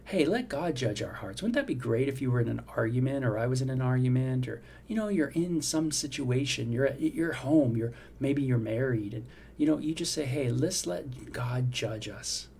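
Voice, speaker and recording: A middle-aged man talks through a Bible passage in a relaxed, conversational way, checking in with listeners as he goes. His voice is dark and mellow. A faint hum of ambience sits behind him. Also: medium pitch, brisk, vocal fry, few pauses. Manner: conversational, reflective, frequent "you know" and "right?". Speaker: devotional host. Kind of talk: devotional Bible teaching.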